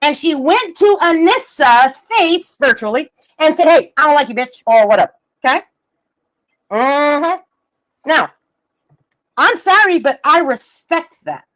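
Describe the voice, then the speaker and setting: A woman's voice: high-pitched, expressive, measured pace, pauses often, a bit bright. A woman streaming live, ranting about online drama in a profane, combative, mocking way, reading out messages and jabbing at critics. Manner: reads messages aloud, laughs between jabs.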